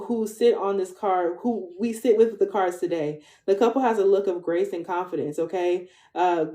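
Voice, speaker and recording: A tarot reader in her twenties gives viewers a casual reading, chatting away, swearing freely and tagging most lines with "okay?". Her voice is on the low side and dark in tone.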